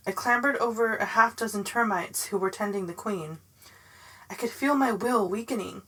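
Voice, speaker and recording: A woman reading a novel aloud in the first person, in a measured, dramatic way. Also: mid-range voice, fairly bright tone, husky, low-quality recording. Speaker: audiobook narrator.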